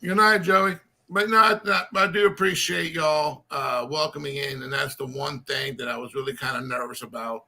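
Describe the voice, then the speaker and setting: A man with a drawl rambles through casual chat in broken, restarting phrases. His voice sits high and has a gravelly, bright edge. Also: moderate pace. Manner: rambling, stop-start, swears freely. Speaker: hobby stream participant.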